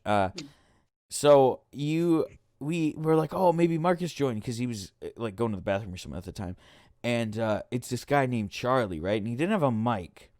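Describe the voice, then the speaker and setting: A man's voice: medium pitch, dry recording, studio quality. A young man co-hosting a podcast, telling a rambling, swear-filled gaming story in casual chat with friends. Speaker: podcast co-host.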